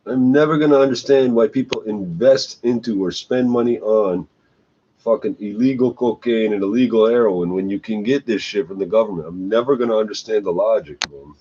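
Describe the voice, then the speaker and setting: A man's voice: fairly low pitch, fairly quick, dark tone, breathy edge, highs cut off. A man ranting bluntly to camera, swearing often and tagging lines with "eh". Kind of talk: rambling profane rant to camera.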